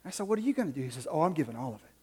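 A man's voice: fairly high pitch, very animated, very fast, husky, in a large hall. A man, a pastor telling a family story in a sermon that builds into impassioned preaching.

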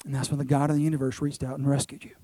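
A man's voice: mid-range voice, little pitch movement, rapid-fire, dark tone, dry recording. A man preaching a sermon as pastor, emphatic, with repeated phrases and rhetorical questions to the congregation.

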